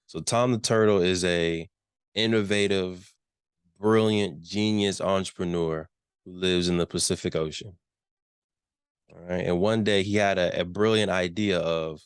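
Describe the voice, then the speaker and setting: A man's voice: deep voice, fairly even intonation, a little slow, clear, resonant tone, no echo, studio quality. A man giving a business workshop talk, emphatic, repeating key questions and checking in with his listeners. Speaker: workshop presenter.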